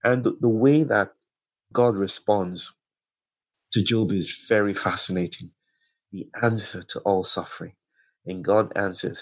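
Man, low voice, husky, podcast guest, reflective poetic storytelling. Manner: slow, meditative, poetic phrasing.

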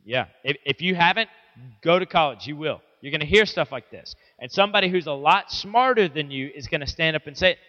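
A man's voice: a little high, expressive, a little fast. A man teaching a Bible lesson to teenagers in a casual, joking, conversational way. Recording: echoey hall, dull lo-fi sound.

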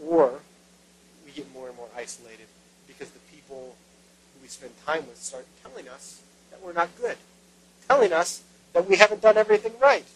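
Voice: mid-range voice, moderate pace, long pauses, a little hiss or hum, poor audio. A pastor giving a sermon in a conversational way, retelling a story with rhetorical questions.

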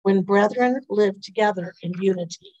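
A woman reading psalms and a scripture lesson aloud in a morning prayer service, in a measured, even way. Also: medium pitch, muffled recording. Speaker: scripture reader. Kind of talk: liturgical responsive reading.

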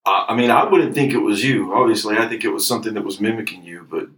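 Low-voiced host heard off-mic. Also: male voice, quick pace, a bit bright, roomy sound, far from the mic. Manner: short back-channel replies and probing questions. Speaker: podcast host. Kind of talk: casual interview.

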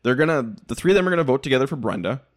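Lively blunt man recapping a show. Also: mid-range voice, racing. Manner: animated, blunt, opinionated. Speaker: podcast co-host. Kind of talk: casual podcast recap chat.

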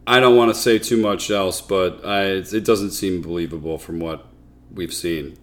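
A man's voice: low-pitched, normal speed. A man co-hosting a casual beer-tasting podcast, laid-back and dry, chuckling now and then. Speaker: podcast co-host.

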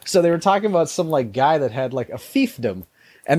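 A man's voice: fairly high pitch, expressive, normal speed, husky, no room sound. A man co-hosting a podcast in casual chat, rambling and swearing, laughing at himself. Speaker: podcast co-host.

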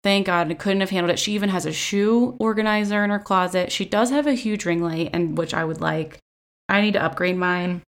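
She speaks fairly quickly at a medium pitch, recapping a reality show in a chatty, sarcastic, profanity-laced way with lots of filler words. The young woman is recording on her phone's selfie camera.

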